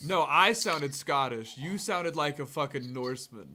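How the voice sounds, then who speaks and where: A man's voice: a little high, lively intonation, measured pace, bright, forceful tone, a little hiss or hum. A man co-hosting a casual chat, cracking crude jokes and laughing a lot.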